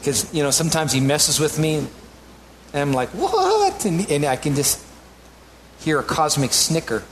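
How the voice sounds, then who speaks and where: A man preaching a sermon as a pastor, animated and rising to emphatic peaks, with conversational asides to the congregation. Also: a little high, normal speed, slight background noise.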